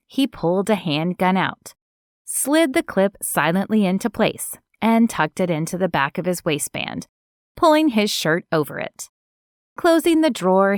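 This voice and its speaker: Narrating an audiobook from a script, a woman with a lowish voice keeps her storytelling measured and even. The studio recording is clean, with no room sound.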